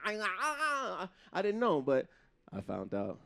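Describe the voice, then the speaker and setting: This stand-up comic works a live crowd from the stage, delivering jokes animatedly, chuckling between bits and putting on comic voices. He speaks slowly in a gravelly voice that sits high.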